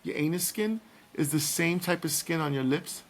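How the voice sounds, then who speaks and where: Gravelly, playful man hosting a podcast. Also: a little high, normal speed, slight background noise. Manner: playful, animated, breaks into singing and impressions. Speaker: podcast host. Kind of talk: casual chat.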